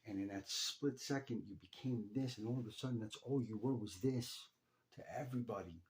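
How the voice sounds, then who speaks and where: A man's voice: lowish voice, a little fast, a little mellow. A young man speaking directly to his late father, telling a raw, emotional story of his parents' funeral and swearing freely. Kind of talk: emotional personal monologue.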